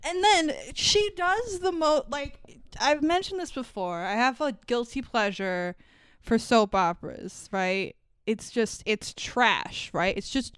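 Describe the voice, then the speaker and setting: A woman's voice: mid-range voice, clean tone, no echo. A woman co-hosting a casual movie podcast, blunt and sarcastic, swearing often. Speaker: podcast co-host.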